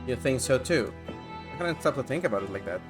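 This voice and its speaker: A woman's voice: rumbling low, expressive, fairly quick, over music. A woman streamer giving casual, chatty playthrough commentary, talking to herself and to chat.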